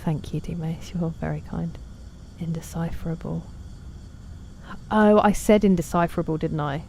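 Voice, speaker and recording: Woman streamer, low mellow voice, chatty and self-deprecating, answers chat. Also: moderate pace, creaky, a little hiss or hum. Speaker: game streamer. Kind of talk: casual chat while playing.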